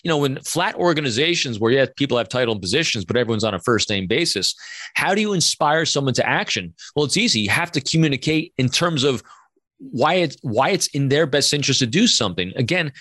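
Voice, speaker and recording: A man in his fifties, a podcast guest, telling animated stories and acting out quoted dialogue. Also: mid-range voice, quick pace, dry recording, clean studio sound. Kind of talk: conversational storytelling interview.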